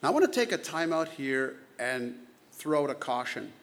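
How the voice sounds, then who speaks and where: A man preaching a sermon in a conversational storytelling manner, slowing down for emphasis. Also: mid-range voice, sing-song, creaky, a bit bright. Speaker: pastor. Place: church sanctuary. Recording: reverberant hall.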